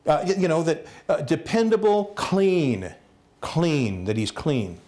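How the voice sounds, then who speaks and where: Animated male guest speaker, slightly high voice, jokey stories, acts out the characters. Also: takes it slowly. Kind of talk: comic storytelling talk. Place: lecture hall at a college.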